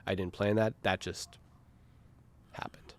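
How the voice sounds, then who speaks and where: A man's voice: low-pitched, little pitch movement, unhurried, crowd noise. A man speaking as a film director, giving a loose, enthusiastic commentary full of fillers and restarts. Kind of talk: director's commentary, casual chat.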